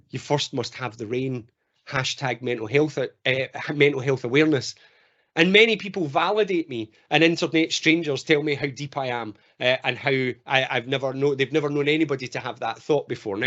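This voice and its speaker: Animated Scottish man telling a story. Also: fairly high pitch. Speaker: mental health trainer. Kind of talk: online training talk. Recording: dull lo-fi call audio.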